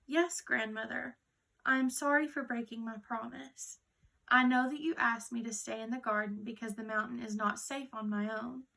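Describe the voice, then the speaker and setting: A woman voicing an excited little girl in a read-aloud storybook, with eager exclamations. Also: a little high, normal speed, gravelly, far from the mic, low-quality recording. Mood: apologetic.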